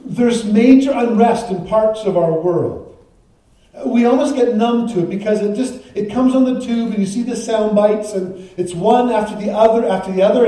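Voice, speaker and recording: In a church sanctuary, a high-voiced Canadian man with a warm tone leads a prayer and then delivers a conversational sermon, often restarting and drifting into asides. The recording is distant and very echoey.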